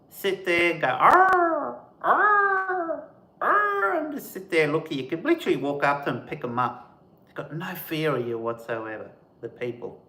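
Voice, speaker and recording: A man hosting a live stream, telling casual stories in an animated way and mimicking sounds as he goes. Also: on the high side, roomy sound. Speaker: host of a camping channel, live stream.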